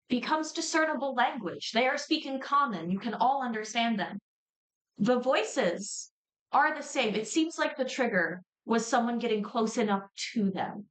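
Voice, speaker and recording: A woman narrating a tabletop role-playing game as game master, measured and descriptive. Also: a little high, fairly bright tone, rough recording.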